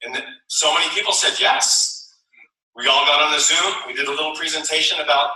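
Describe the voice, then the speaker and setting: At a company sales event, a man gives an energetic, persuasive motivational speech to a large room with an audience, repeating his key phrases. His pitch is fairly high and his pace brisk. The mic picks him up from far off in an echoey hall.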